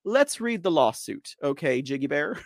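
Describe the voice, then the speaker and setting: A man's voice: fairly high pitch, moderate pace, gravelly, no echo, clean studio sound. A man hosting a political news livestream, chatting and joking with viewers in the chat, teasing them and laughing often. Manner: animated, laughing, teasing, talks straight to viewers. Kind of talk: casual livestream commentary talking to the chat.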